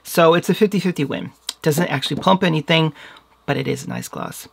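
A man's voice: high voice, expressive, brisk, gravelly, fairly bright tone. A man reviewing beauty products in a casual, chatty vlog at home, joking at himself and laughing often. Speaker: beauty vlogger. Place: home with a mirror under a skylight.

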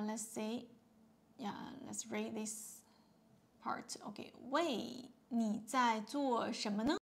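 Speaking slowly in a slightly high, gravelly voice, a woman teacher from China with a Chinese accent explains a beginner lesson. She is patient, repeats each word, and keeps dropping "yeah" and "okay" between phrases.

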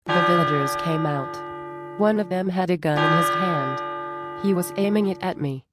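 A woman reading a story aloud in a plain, steady way, close to a dry home mic. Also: fairly low pitch, normal speed, over loud music.

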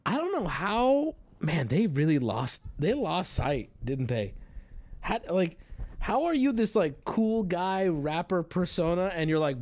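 A male streamer in his thirties talks off the cuff, his voice swinging between low mumbling and loud, panicked shouting. His pitch sits a little high and moves around a lot. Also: very animated, a little slow. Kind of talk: casual live-stream commentary.

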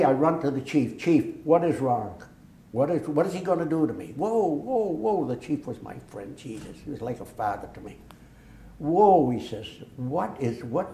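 A veteran from Massachusetts, an older man, relates war stories in an oral history interview, his fairly high voice carrying a little hiss or hum. He tells them vividly, acting out what people said, in an echoey room.

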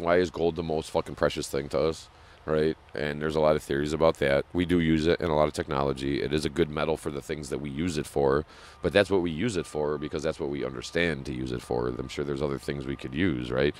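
A man's voice: a bass voice, a little fast. A young man co-hosting a podcast, rambling and joking in a profane, casual way. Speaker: podcast co-host. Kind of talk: casual crude banter.

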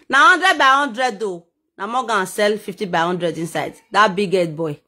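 Slow, bright-voiced Nigerian woman gossiping. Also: mid-range voice. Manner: animated, exclaiming, repeats words for effect. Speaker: gossip vlogger. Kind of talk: casual gossip storytelling.

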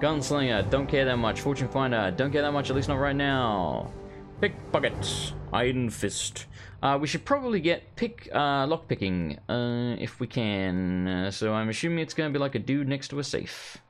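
A man rambles through casual gaming commentary, swearing freely. His speech rises and falls in a lively way over faint game music. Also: medium pitch, normal speed. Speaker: gaming host. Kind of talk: casual let's play commentary.

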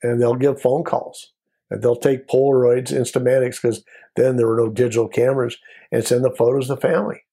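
An older American man tells a story in an interview with a gravelly, husky voice. His tone is dark and mellow, and he brings his story to life by acting out the voices of the people in it. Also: mid-range voice, brisk. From United States. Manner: animated storyteller, acts out quoted voices. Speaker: former border patrol agent.

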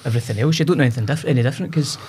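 A Scottish man in his forties, appearing as a podcast guest, rattles off stories about his past in a chatty, self-deprecating way. His medium-pitched voice races along and is a little mellow, with slight hiss or hum on the recording of this casual conversation.

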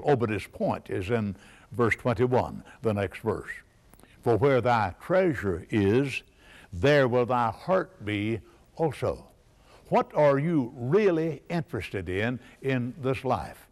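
A middle-aged man preaching a sermon, emphatic and animated, often pausing on "uh" between phrases. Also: mid-range voice.

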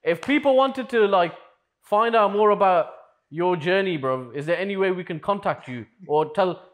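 A man's voice: high voice, expressive, moderate pace. A man co-hosting a comedy sketch, throwing in teasing asides and saying "bro" a lot. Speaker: co-host.

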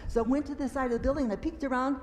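This woman's voice sits a little high, and she tells a children's story at a church service with big, dramatic exclamations. She gets animated and acts out the frightened cries as she goes. Her words ring out with a long tail of reverb through a large meeting hall. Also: rapid-fire, a little hiss or hum.

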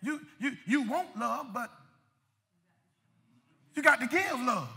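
A male pastor preaching a sermon, repeating words and building up to shouted peaks. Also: very high voice, animated, slow pace, creaky. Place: church sanctuary. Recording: long reverb of a church hall.

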